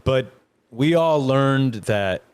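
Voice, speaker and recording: A man's voice: medium pitch, slow pace, clear, resonant tone, no echo. A man chatting casually as a guest chef, swearing freely and acting out quoted remarks. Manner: relaxed, profane, acts out quotes. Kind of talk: casual chat.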